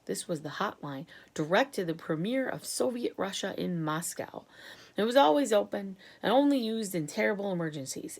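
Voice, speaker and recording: A woman teacher reading a chapter book aloud to children, in a lively and expressive way. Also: medium pitch, moderate pace.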